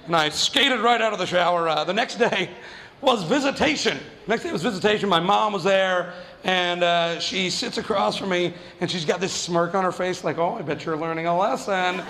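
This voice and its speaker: A man doing stand-up comedy, telling a story fast and animatedly and acting out the voices of the people in it. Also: high voice, vocal fry, bright, forceful tone, long reverb tail, slight background noise. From New Mexico.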